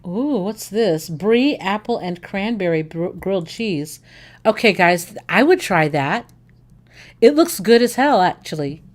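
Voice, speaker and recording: A woman's voice: medium pitch, lively intonation, measured pace. A woman from the United States hosting a livestream, chatting casually with viewers, enthusiastic and gushing about food, rambling with fillers and self-corrections. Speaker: livestream host.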